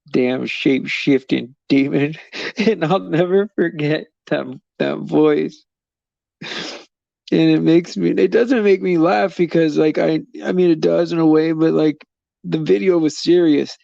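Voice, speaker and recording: A man's voice: a little high, fairly even intonation, measured pace, gravelly, mellow, dry recording, muffled recording. A man hosting a live stream, chatting loosely with viewers in a rambling way and chuckling often. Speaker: livestream host.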